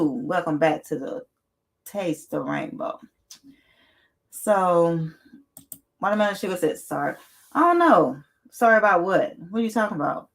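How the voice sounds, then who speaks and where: A woman's voice: fairly low pitch, lively intonation, unhurried, creaky, pauses often. Blunt, laughing woman livestream host. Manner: blunt, laughs often, repeats herself, swears casually. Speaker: livestream host reading chat. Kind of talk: casual livestream chat.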